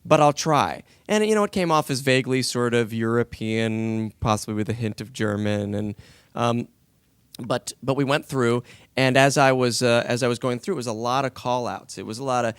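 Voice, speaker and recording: A man in his thirties spins a story as a voice actor on a panel. His voice is smooth and resonant, and the sound is close and dry. He acts out every line he quotes. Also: mid-range voice, moderate pace, no room sound. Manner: animated anecdote, acting out quoted lines.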